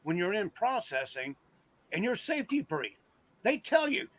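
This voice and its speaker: A man's voice: sits high, sing-song, normal speed, heavy background noise. A man joining a live chat as a guest, chiming in casually and recounting details.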